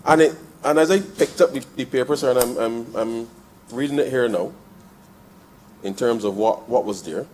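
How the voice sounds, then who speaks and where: A man's voice: mid-range voice, normal speed, a little mellow, slight background noise, low-quality recording. Man debating in parliament. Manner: addresses the chair with frequent "sir", builds to emphatic rises. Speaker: member of parliament. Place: parliament chamber.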